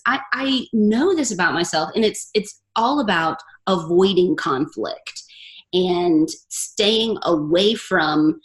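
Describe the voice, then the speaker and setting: A woman's voice: mid-range voice, animated, a little slow. A middle-aged woman, a podcast guest, telling personal stories in an earnest, chatty way and laughing often. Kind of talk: casual interview chat.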